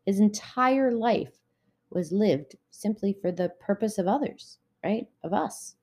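A woman's voice: mid-range voice, animated, a little slow, darkish tone. A middle-aged woman giving a casual devotional talk, conversational and full of personal anecdotes. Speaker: Christian relationship speaker.

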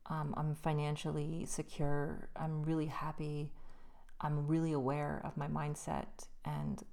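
A woman's voice: low voice, darkish tone. A woman hosting her own podcast, telling a personal story in a loose, rambling way with frequent restarts, her voice slightly going. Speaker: podcast host. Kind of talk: solo casual storytelling.

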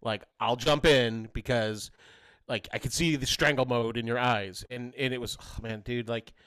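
A man in his thirties, a podcast co-host, telling a story in casual chat and jumping into high voices to quote his kids. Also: moderate pace, a little hiss or hum. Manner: animated, jumps to high voices when quoting his kids.

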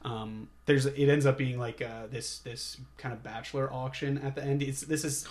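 Brief: easygoing male podcast co-host, casual chatter, quick laughs, mid-pitched voice. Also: fairly even intonation, darkish tone. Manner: laid-back, laughs often, acts out scenes in quotes. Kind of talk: casual movie chat.

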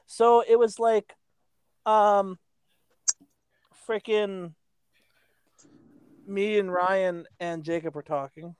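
A man's voice: high-pitched, steady tone, very slow, pauses often, clear, resonant tone, dry recording. A man co-hosting a podcast in casual chat, telling a rambling story, swearing and laughing often. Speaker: podcast co-host.

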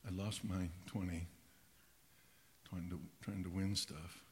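A man playing a remorseful young boy who stammers out a confession in halting whispers during a sermon story. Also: sits low, flat delivery, darkish tone. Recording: echoey hall, faint hiss.

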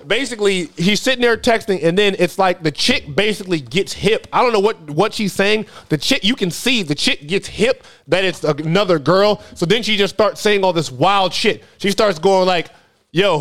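A young man on a podcast, telling a wild story in casual slang and acting out his friends' lines with animated energy. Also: high-pitched, normal speed, hardly any pauses. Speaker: podcast co-host.

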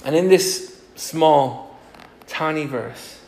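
This time the preacher speaks very slowly, his fairly high voice carrying a darkish tone. As pastor, he delivers a sermon full of animated stories, performing the voices of the people in them, and the church hall gives the recording a roomy sound.

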